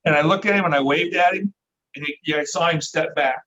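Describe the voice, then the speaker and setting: A middle-aged man with a voice a touch high for a man tells a story in a loose, animated way. He acts out the voices he quotes and swears now and then. The recording sounds dull and lo-fi. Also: fairly quick. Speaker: podcast guest. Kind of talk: casual storytelling.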